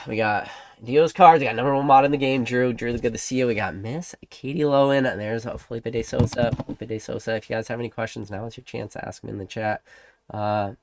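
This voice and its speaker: Here a male livestream host talks briskly in a mid-range voice with fairly even intonation, over a little hiss or hum. His rambling rant is full of repeated rhetorical questions and occasional swearing, and he greets viewers by reading their chat messages.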